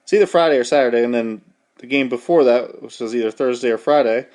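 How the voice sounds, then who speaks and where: A man's voice: mid-range voice, fast talker, a little mellow. A young man hosting a podcast, rattling off hockey scores in a profane, rambling, mock-outraged casual rundown. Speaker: podcast host.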